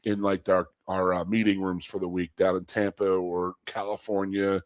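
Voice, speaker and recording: A man co-hosting a casual chat show, telling old locker-room stories with lively, acted-out quotes. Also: moderate pace, no room sound. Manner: animated storyteller, acts out quotes in a high loud voice. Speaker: co-host and former college athlete.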